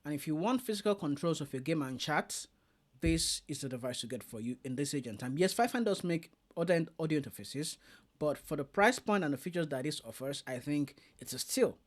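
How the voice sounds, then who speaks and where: A man's voice: on the high side, animated, fairly quick. Chatty man reviewing audio gear. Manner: chatty, demonstrating gear live. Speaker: tech reviewer. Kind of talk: casual product review.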